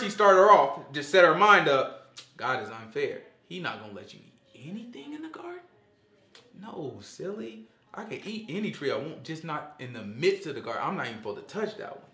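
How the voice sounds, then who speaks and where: A lively man teaches a Bible study in a casual, conversational way. His voice is bright and a little high, and it jumps around a lot. The room around him echoes. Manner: animated, conversational, acts out quotes.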